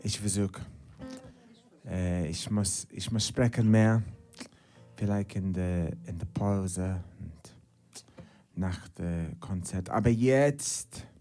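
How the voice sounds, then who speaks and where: A Scottish singer-songwriter whose first language is English, chatting to a concert audience in halting, apologetic, self-mocking banter between songs. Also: male voice, deep voice, steady tone, warm tone. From Scotland. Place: studio concert stage. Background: acoustic guitar.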